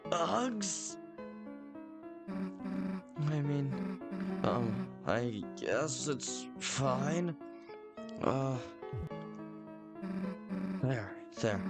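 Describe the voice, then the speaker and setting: A man voicing a brash, tough teenage monster girl in a video game, talking bluntly and fast, pitched above his own voice. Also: animated, loud music behind the voice. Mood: awkward. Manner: blunt, quick and gruff.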